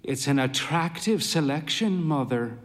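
A man's voice: fairly high pitch, lively intonation, measured pace, a little hiss or hum. A man doing a camp, crooning middle-aged man. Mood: mischievous. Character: fey thin man in late middle age, jolly. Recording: long hall reverb.

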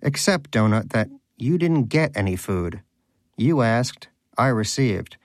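A man's voice: medium pitch, animated, unhurried, no room sound. A man voicing a smug, gluttonous male pet hamster with a mocking, theatrical manner.

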